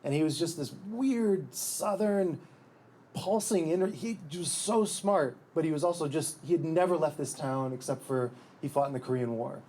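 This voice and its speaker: A man's voice: on the high side, moderate pace, mellow. A man, an author at a live bookstore event, reading from his book and talking about it in a dry, wry way, often restarting his sentences. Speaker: author and guest.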